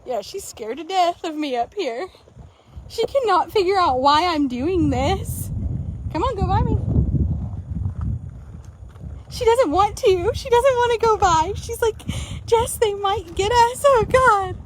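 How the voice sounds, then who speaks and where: A woman with a high voice chats from horseback, breezy and playful, making up funny inner thoughts for the horses around her. It sounds like a phone recording outdoors, with loud noise underneath. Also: animated, moderate pace, low-quality recording. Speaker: horse trainer riding and narrating. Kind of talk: casual chat while riding. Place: outdoor horse barn or arena.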